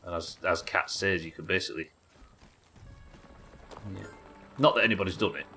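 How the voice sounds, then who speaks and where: A man's voice: low voice, moderate pace, pushed and bright, faint music behind. A man with a New Zealand accent streaming a video game live, thinking aloud, swearing casually and answering chat. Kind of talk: live gameplay commentary.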